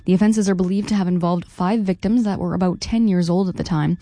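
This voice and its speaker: A woman reads the radio news in a brisk, even newsreader voice. Her tone is mellow and warm, and the studio sound is close and dry. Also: medium pitch, no echo. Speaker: news anchor.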